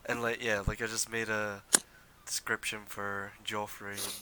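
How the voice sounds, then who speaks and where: A man's voice: on the low side, little pitch movement, moderate pace, noisy background. A man chatting casually with friends before a tabletop game, easygoing and often breaking into laughs between phrases, heard over a voice call.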